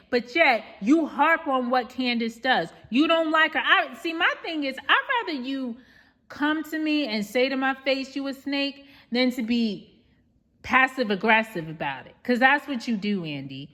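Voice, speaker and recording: A woman's voice: sits high, sharp tone. A woman vlogger giving an emphatic, indignant rant recap of a reality show, often calling out to viewers as "y'all".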